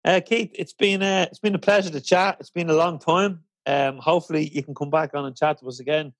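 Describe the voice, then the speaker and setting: A man's voice: on the high side, steady tone, fairly quick, no echo. A man hosting a podcast interview, asking chatty, friendly questions. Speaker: podcast host. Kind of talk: casual interview.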